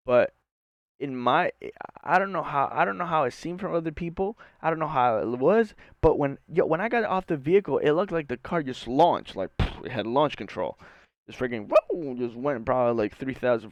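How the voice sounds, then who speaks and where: A man's voice: medium pitch, lively intonation, moderate pace, no room sound. A young man, a university student, telling a rambling casual story full of slang and fillers. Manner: rambling, slangy, says bro and like a lot. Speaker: university student and gaming channel host.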